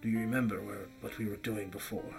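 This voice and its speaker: Man doing a hushed, grave mind-voice. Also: fairly low pitch, level tone, quick pace, vocal fry, over music. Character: male companion speaking mind to mind, grave.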